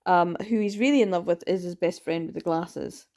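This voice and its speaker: A woman's voice: on the low side, fairly quick, warm tone. A woman chatting casually in a reading vlog, rambling with many ums and laughs, sounding tired. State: tired, yawning. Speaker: book vlogger.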